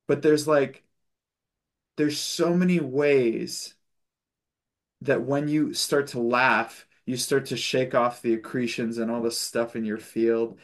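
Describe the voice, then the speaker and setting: Man, mid-pitched, group facilitator, rambling anecdotes, chuckles, video call. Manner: loose storytelling with frequent fillers and self-corrections; chuckles while telling stories. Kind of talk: casual spiritual sharing on a video call.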